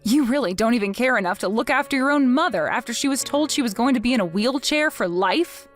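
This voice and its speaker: A woman acts out a cold, taunting young wife from a text-message story drama. She speaks with a fairly high voice and a sarcastic, mocking edge. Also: lively intonation, quick pace, faint music behind, lightly acted.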